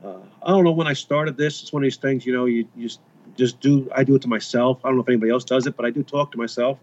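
A man's voice: mid-range voice, fast. Brief: American man, guest author, rambling storyteller, a touch muffled in sound. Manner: rambling, animated when retelling. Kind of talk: casual storytelling interview. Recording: slightly dull lo-fi audio.

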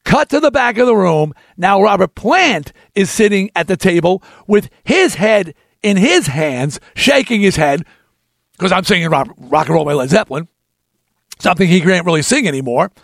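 A man in his sixties hosting a talk show, telling a long story in an animated, ranting way and acting out other people's lines. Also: high voice, normal speed, creaky, dry recording, studio quality. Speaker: podcast host telling a story.

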